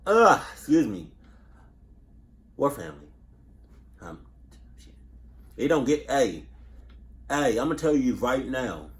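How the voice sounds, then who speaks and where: A man's voice: mid-range voice, sing-song, unhurried, pauses often, a little mellow. A man hosting a reaction video, rambling casually, swearing, laughing and interrupting himself.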